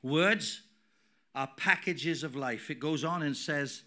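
High, bright-voiced male preacher. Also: slow. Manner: emphatic, swinging from loud declarations to quiet asides. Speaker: pastor. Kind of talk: sermon. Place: church.

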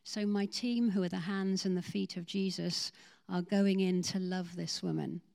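A woman leads a sermon from the front of a church, telling stories of the people she met and playing out their words. Her voice sits low and carries a gravelly edge. The tone is mellow and warm rather than bright. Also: moderate pace. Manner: animated storytelling, acting out quoted voices. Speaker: ministry team leader. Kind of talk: sermon testimony.

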